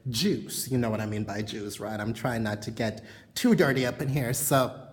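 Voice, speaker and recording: A woman's voice: very deep voice, moderate pace. Woman vlogger, bedroom chat to camera, frank and rambling, lots of fillers. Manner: frank, rambling, heavy on "you know" fillers. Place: bedroom at home.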